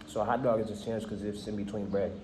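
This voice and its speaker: A man's voice: fairly low pitch, steady tone, fast talker, warm tone, a little hiss or hum, low-quality recording. Laid-back man eating on camera. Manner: laid-back, slangy, eating while talking. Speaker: vlogger. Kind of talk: casual mukbang chat. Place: restaurant in Turkey.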